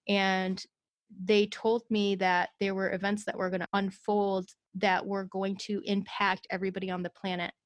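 A woman's voice: medium pitch, dry recording. Woman guest, earnest detailed storyteller; level delivery, dry close sound. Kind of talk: personal storytelling in an interview.

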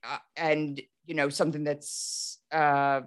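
A woman's voice: deep voice, little pitch movement, slow, clean tone. A woman in her thirties hosting a podcast, telling a story animatedly with lots of restarts and "like". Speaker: podcast host. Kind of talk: casual storytelling conversation.

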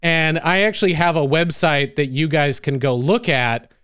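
A man's voice: on the high side, normal speed, a bit bright, clear, resonant tone, dry recording, studio quality. A young man hosting a casual podcast chat, reading from his notes with lots of fillers and laughs. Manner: reads notes aloud, chatty with fillers and laughs. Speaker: podcast host presenting the story.

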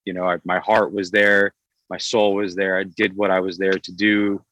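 A man's voice: low voice, flat delivery, normal speed, a bit bright, dry recording, low-quality recording. A man who is a documentary filmmaker being interviewed, talking casually in a rambling way with many fillers and restarts.

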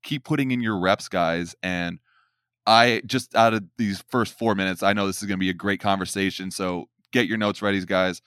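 A man in his thirties hosts a casual podcast interview, full of enthusiasm and hype for his guest. His voice sits a little low, and the recording is dry and close. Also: steady tone, moderate pace, fairly bright tone, smooth, no room sound. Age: 30s. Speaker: podcast host.

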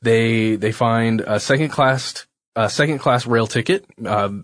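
A man's voice: medium pitch, measured pace, no echo, clean studio sound. A man co-hosting a podcast, explaining a case in casual chat with joking asides. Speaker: podcast co-host.

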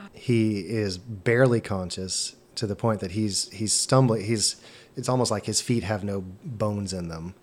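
A man's voice: on the low side, measured pace. A man narrating a tabletop game as game master, descriptive and sometimes stumbling over his words.

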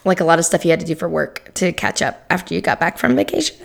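A woman from Tennessee co-hosting a casual podcast, a bit hoarse today, chatting and laughing often. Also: lowish voice, expressive, quick pace. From Tennessee, USA. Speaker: podcast co-host. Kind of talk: casual chat.

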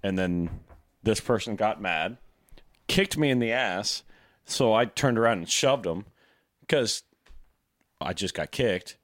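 Young male co-host, lower voice, dry close mic, laid-back rambling talker. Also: no room sound. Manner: relaxed, drawn-out storytelling with lots of fillers. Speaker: podcast co-host. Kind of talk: casual chat while tasting beer.

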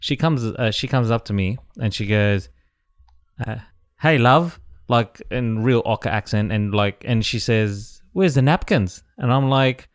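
A man, co-hosting a relaxed chat podcast, telling stories with lots of laughter. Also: fairly low pitch, normal speed, hardly any pauses, clear, resonant tone, dry recording, studio quality. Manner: animated storyteller, laughs often, self-mocking. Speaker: podcast co-host. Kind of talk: casual chat.

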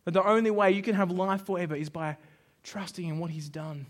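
A man's voice: sits high, fairly quick. A man preaching a sermon, telling stories with acted-out dialogue. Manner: storytelling, animated, plays out dialogue with shouts. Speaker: pastor.

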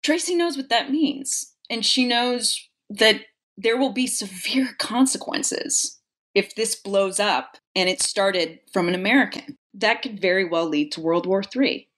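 A woman's voice: mid-range voice, unhurried, fairly bright tone. A young adult woman, an actress, talking earnestly and reflectively in an interview. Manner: reflective, earnest, grows emotional. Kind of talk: casual interview conversation.

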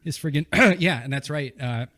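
A man's voice: fairly high pitch, moderate pace, pushed and bright, no echo, studio quality. A man hosting a podcast, joking and friendly as he signs off the show. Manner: jokey, friendly sign-off banter. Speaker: podcast host. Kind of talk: casual podcast chat.

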